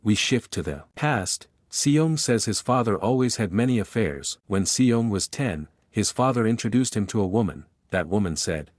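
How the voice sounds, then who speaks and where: A man narrating a comic recap in a flat, steady reading voice. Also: lowish voice, normal speed, few pauses, no room sound, clean studio sound.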